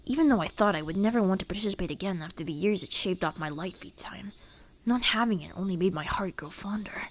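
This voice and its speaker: A woman reading a visual novel aloud, voicing a reflective teenage boy narrator in a soft tone. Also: mid-range voice, quick pace, a little hiss or hum, lightly acted. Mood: wistful.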